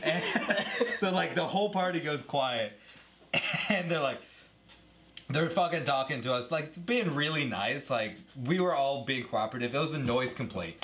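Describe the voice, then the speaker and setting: Young guy, laughing storyteller, lively pitch, noisy background. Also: moderate pace. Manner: laughing storyteller, loose and rambling. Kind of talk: casual chat.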